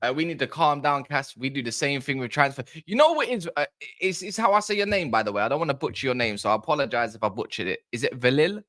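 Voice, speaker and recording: A man hosting a casual football fan live chat, excitable and rambling, bantering with viewers' comments. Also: medium pitch, fast talker, few pauses. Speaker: football fan livestream host.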